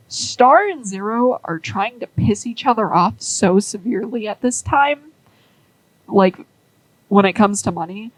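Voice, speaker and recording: A woman's voice: mid-range voice, poor audio. A woman rambling through a story in casual chat, with lots of "like" and acted-out quotes. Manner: rambling, many "like"s, acts out quoted characters.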